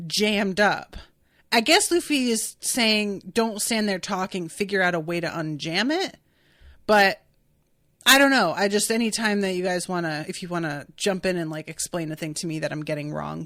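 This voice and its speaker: A woman's voice: on the low side, normal speed, fairly bright tone, no echo, studio quality. A woman hosting a solo podcast recap, chatting candidly, laughing often and acting out quoted lines. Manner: chatty, candid, swears when quoting. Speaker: podcast host. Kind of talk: solo episode recap, reading listener chat.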